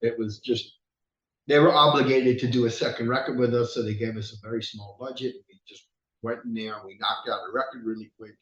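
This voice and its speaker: A man, a rock singer and guest, telling stories in a casual, animated way, swearing freely and laughing often. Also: mid-range voice, a little fast, highs cut off. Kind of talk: casual storytelling interview. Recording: roomy echo.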